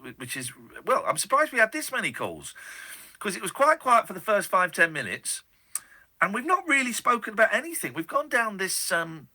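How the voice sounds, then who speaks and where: A man's voice: high-pitched, huge pitch swings, normal speed, pushed and bright. A man hosting a late-night radio talk show, rambling and self-deprecating, with many restarts. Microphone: studio microphone.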